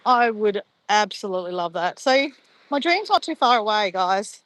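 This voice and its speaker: A woman's voice: mid-range voice, expressive, moderate pace, fairly bright tone, no echo. A woman, chatting casually and playfully with live viewers in a bubbly, laughing way.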